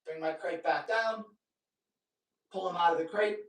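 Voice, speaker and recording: A man's voice: high-pitched, a little fast. Man talking in an echoey room. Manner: animated storytelling, joking asides. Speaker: dog trainer hosting a live Q&A. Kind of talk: casual live-stream talk. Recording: echoey room, distant mic.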